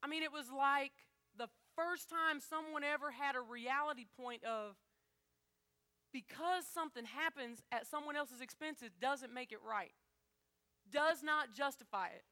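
A woman's voice: high-pitched, pushed and bright. A woman preaching a sermon, talking straight to her congregation in an emphatic, conversational way.

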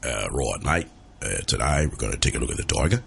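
A man's voice: rumbling low, very animated, quick pace, vocal fry, a bit bright, slight background noise, voice pushed down, full character voice. Man putting on a drawling Australian wildlife guide. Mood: hushed. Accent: put-on Australian. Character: comic Australian wildlife presenter hunting a tiger.

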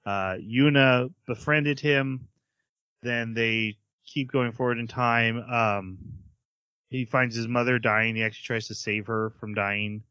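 A man with a bright, forceful voice chats casually on a podcast, retelling an anime episode scene by scene. He acts out the characters' lines as he goes and laughs often. The sound is close and dry. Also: mid-range voice, fairly even intonation, a little slow, clean tone, dry recording, highs cut off. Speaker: podcast co-host reviewing anime. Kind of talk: casual chat, recapping an episode.

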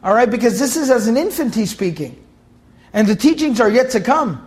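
A man's voice: very high-pitched, sing-song, fairly quick, darkish tone. A man teaching a Quran commentary lesson, speaking emphatically, repeating key phrases and chanting Arabic verses.

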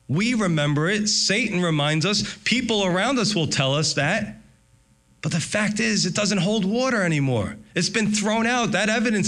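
A man preaching a sermon as pastor, animated, briefly acting out the voices of others in his story. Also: high-pitched. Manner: animated, acts out voices of God and Satan.

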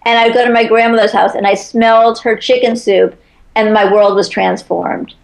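Chatty woman with a gravelly edge. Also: a little high, fairly even intonation, moderate pace, low-quality recording. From Chicago. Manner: chatty, storytelling, many "like" fillers. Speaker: guest, author. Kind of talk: conversational interview.

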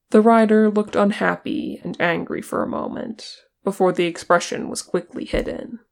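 An audiobook reader narrating fan fiction in a steady, even storytelling manner. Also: medium pitch, moderate pace, creaky, hardly any pauses. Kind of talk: reading fan fiction aloud.

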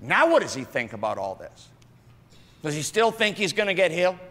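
A male pastor preaching a sermon, animated, acting out the voices of other people and swinging from loud outbursts to hushed asides. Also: fairly high pitch, a little fast, in a large hall.

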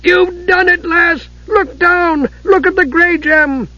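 An older dwarf bellows urgent orders in a strained, high, loud voice, as a man narrating a fantasy audiobook takes him on. The sound is dull and lo-fi. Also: takes it slowly, no echo, full character voice. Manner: shouting, urgent.

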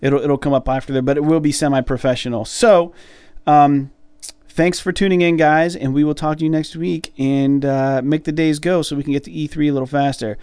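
A man's voice: fairly high pitch, fairly quick, clear, resonant tone, no room sound. A man co-hosting a casual podcast, talking loosely with lots of fillers about his band. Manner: relaxed, rambling with many fillers. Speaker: podcast co-host and musician.

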